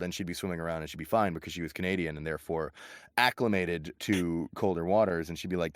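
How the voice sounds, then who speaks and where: Deep smooth guy on a podcast, laughs a lot telling stories, dry close mic. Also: fairly quick, dry recording. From United States. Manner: laughing, animated storyteller. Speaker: voice actor guest. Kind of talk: casual podcast chat.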